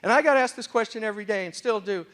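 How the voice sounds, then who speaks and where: A man's voice: high-pitched, very fast, a bit bright. A middle-aged man with a mixed New York and West Virginia accent, telling funny stories as a motivational speaker to a university audience. He acts out other people's voices with comic timing. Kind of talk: humorous storytelling talk. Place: university lecture hall with a live audience.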